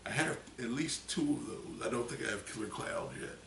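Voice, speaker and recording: Vlogger, male, gravelly edge, rambling storyteller, a bit tipsy, distant mic in an echoey room. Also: medium pitch, fairly quick, a little hiss or hum. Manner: rambling animated storytelling with loud acted screams. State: tipsy from drinking. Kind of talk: casual chat.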